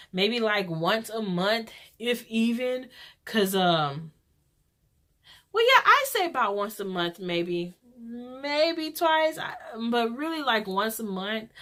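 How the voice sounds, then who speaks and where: Chatty, rambling woman in her twenties. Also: fairly high pitch. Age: 20s. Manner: chatty, rambling, lively storytelling with church talk. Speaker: vlog host. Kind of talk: casual confessional vlog.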